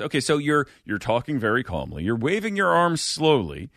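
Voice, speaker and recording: A man hosts a comedic podcast chat, sardonic and animated, talking fairly quickly. His voice is bright and a little high, with wide pitch swings. The recording sounds close and dry.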